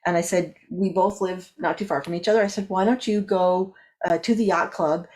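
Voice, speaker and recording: Lively woman telling a story. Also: fairly low pitch, fairly quick. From California. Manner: lively storyteller, acts out quoted dialogue. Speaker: guest speaker and coach. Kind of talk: animated storytelling in conversation.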